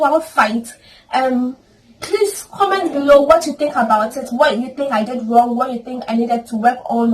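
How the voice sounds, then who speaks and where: A woman with a high-pitched voice tells a personal story to camera, earnest and emotional, with prayerful asides. She sits some distance from the mic, and a faint hum of ambient noise runs underneath. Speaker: storytime vlogger.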